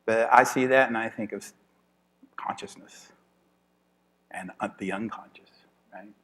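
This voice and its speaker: A man's voice: lowish voice, a little fast, fairly bright tone. A man giving an informal evening lecture to a class. He talks in a chatty way, laughs often and thinks aloud with restarts.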